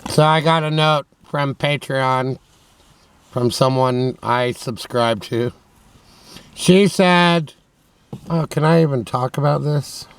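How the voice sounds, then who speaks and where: A man's voice: mid-range voice, slow pace, pauses often, slight background noise. A man hosting a mock radio show from inside his van at night, talking casually and rambling with jokes to himself. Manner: rambling, joking, talks to himself. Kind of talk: casual late-night monologue. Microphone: camera on a tripod.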